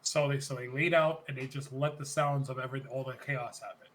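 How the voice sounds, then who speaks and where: A man co-hosting a podcast, recapping in casual chat with animated retellings, quick quoted bits and frequent laughter. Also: mid-range voice, a little hiss or hum, low-quality recording. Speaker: podcast co-host.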